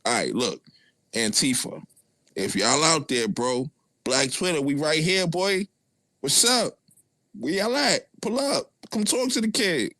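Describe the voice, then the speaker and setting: A man with a Brooklyn accent, taunting and profane as he mocks a rival on a live audio chat. His voice sits a little high for a man. The sound is dry and close. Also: lively intonation, measured pace, pushed and bright, no echo. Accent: Brooklyn New York. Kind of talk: heated trash talk on a live audio chat.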